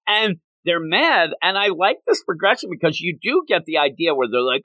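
A man's voice: high voice, very animated, normal speed, few pauses, bright, forceful tone, no echo. A man co-hosting a casual chat, animatedly recapping an anime episode and acting out the characters' lines with frequent laughs.

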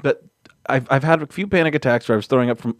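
A man telling stories in a casual podcast chat, animated, jumping into high voices for quoted lines. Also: quick pace, no room sound, studio quality. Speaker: podcast guest.

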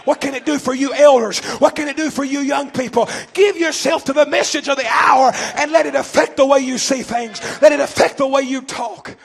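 A fervent preacher, a man from East Tennessee whose voice sits unusually high for a man. His tone has a gravelly edge. He shouts passages, then drops to a low, intense register. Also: fairly even intonation, a little fast, hardly any pauses. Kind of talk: sermon.

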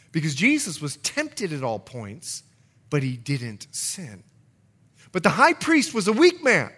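Animated high-voiced man preaching. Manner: animated, acts out dialogue with sudden drops to a low growl. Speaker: pastor. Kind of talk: sermon.

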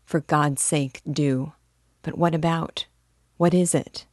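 Woman reader voicing an impulsive young dreamer; low, eager, close and dry. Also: fairly even intonation, slow pace, dry recording. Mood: pleading. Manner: eager, pleading, gently emotional. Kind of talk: audiobook dialogue reading.

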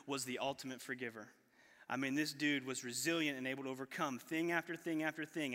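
A man preaching a sermon as pastor, casual and energetic, with slang and quick restarts. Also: on the high side. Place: church hall. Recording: long hall reverb.

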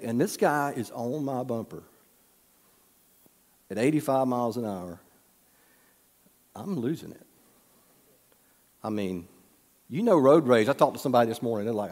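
A man preaching a sermon, telling folksy stories with humorous asides and dropping to a soft hush at times. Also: mid-range voice, animated, moderate pace, pauses often. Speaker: pastor. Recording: long hall reverb.

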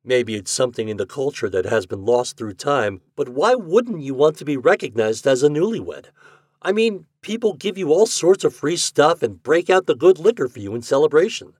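A man hosting a podcast, reading classic fiction aloud in a measured, expressive way. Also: a little high, breathy edge, no room sound, clean studio sound. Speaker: podcast host and reader.

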